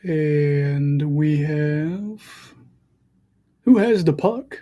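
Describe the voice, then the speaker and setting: A man's voice: fairly high pitch, fairly even intonation, moderate pace, highs cut off. A young man hosting a casual livestream, calling hockey play as he watches and chatting between moments in a self-deprecating way. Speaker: livestream host and hockey commentator.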